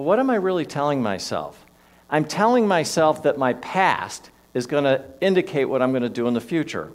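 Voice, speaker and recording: A man giving a sermon in a church, telling a personal story in a conversational way with shifting emphasis. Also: mid-range voice. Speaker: minister. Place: church sanctuary.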